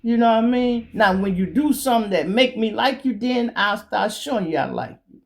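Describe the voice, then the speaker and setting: A man's voice: sits high, lively intonation, brisk, gravelly. A male show host telling a blunt, profane comedic story in a streetwise manner.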